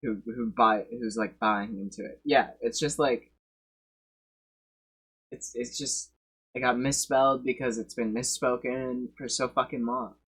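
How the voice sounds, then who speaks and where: A man streaming and reacting casually, swearing and breaking into loud excited bursts. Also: mid-range voice, measured pace, husky.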